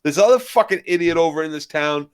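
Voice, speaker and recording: A man's voice: fairly high pitch, animated, fast talker, clear, resonant tone. A man co-hosting a casual recap, ranting in an exasperated, heavily profane way. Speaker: podcast co-host.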